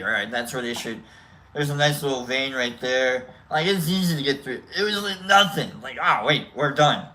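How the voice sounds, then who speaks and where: Chatty livestream host, a man with a bright voice, rambling and self-mocking. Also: mid-range voice, poor audio. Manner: rambling, self-deprecating, jokey. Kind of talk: casual livestream storytelling.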